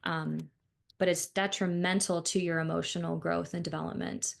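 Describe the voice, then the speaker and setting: A woman's voice: fairly low pitch, little pitch movement, normal speed, vocal fry. A woman co-hosting a podcast who talks with clients as a counselor, giving blunt, opinionated views in casual chat.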